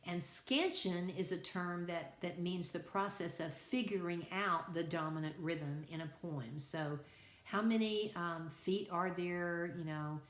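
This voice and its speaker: A woman's voice: fairly low pitch, a little slow. A middle-aged woman teaching a college writing class in a chatty, conversational lecture style with asides to her students. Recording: echoey room.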